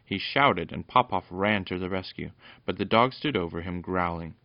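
A man's voice: deep voice, moderate pace, no echo, lo-fi sound. A man reading a children's storybook aloud, stumbling and correcting himself now and then. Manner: unpolished, with frequent stumbles and self-corrections.

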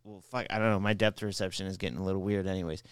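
A man's voice: low-pitched, steady tone, rapid-fire, smooth. A man hosting a live stream, rambling and swearing casually. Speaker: streamer host.

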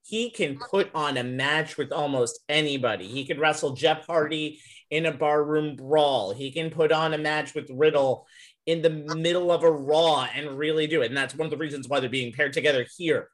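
A man's voice: on the high side, moderate pace. Opinionated man on a podcast. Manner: opinionated, animated, laughs often. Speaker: podcast co-host. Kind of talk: casual podcast chat.

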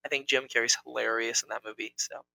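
A young man co-hosting a casual chat, talking in an animated, rambling, playful way. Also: medium pitch, fast talker, creaky, no room sound, low-quality recording. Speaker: co-host.

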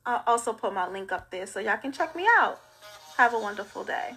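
A woman signing off a promo, spelling out her web address slowly and kindly wishing listeners a good day. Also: on the high side, animated, music in the background, rough recording. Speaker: guest plugging her website. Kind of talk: promo sign-off.

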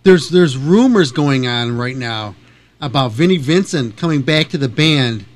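A male radio host playing the straight man in a comedic interview, asking probing questions deadpan. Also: mid-range voice, a little slow, noisy background.

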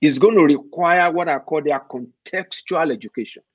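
Husky man, emphatic interview guest. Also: a little high, moderate pace, no echo. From Nigeria. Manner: emphatic, uses rhetorical questions. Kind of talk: conversational interview. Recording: dull, muffled dry sound.

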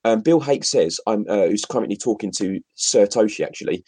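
Low husky man chatting. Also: animated, a little fast, mellow. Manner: chatty, addresses viewers directly, laughs often. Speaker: co-host reading chat comments. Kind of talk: casual livestream chat.

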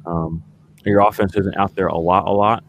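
A man's voice: low voice, steady tone, moderate pace, creaky, a little hiss or hum. A man co-hosting a podcast, chatting casually and ranting with exasperation, full of fillers. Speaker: podcast co-host. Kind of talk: casual sports podcast chat.

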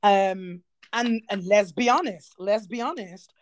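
A woman in a casual podcast chat, animated and playful, laughing often. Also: medium pitch, a little slow, a little hiss or hum.

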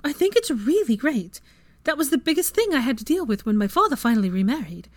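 A woman's voice: high voice, very animated, fairly quick, no echo, voice pushed up. A woman voicing a cheerful, sly young witch who talks in a playful, sugary way, in a fan fiction reading.

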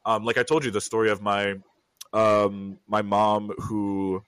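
A man in his thirties, a podcast guest telling a personal story in a casual, animated way. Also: a little slow, clear, resonant tone, dry recording, studio quality. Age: 30s. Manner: animated storyteller, acts out quotes with big pitch jumps. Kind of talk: casual conversation.

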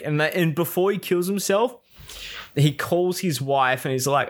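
A man in casual chat, retelling a series with lively put-on quotes and frequent swearing. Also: mid-range voice, measured pace. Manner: animated, acts out characters' lines, swears freely.

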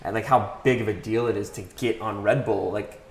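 A man's voice: on the low side, fairly even intonation, a little fast, roomy sound. A man hosting a casual podcast chat, laid-back and hesitant, with lots of fillers. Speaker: podcast host.

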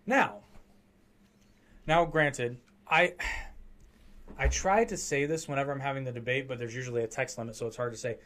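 A man's voice: medium pitch, normal speed, pauses often, fairly bright tone. A man hosting a podcast, ranting heatedly and with a lot of profanity during a casual political chat. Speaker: podcast host.

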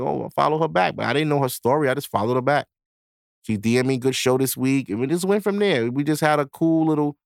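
A man's voice: mid-range voice, no room sound, studio quality. A young man hosting a podcast, giving blunt, profanity-laced advice in a casual monologue. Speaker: podcast host.

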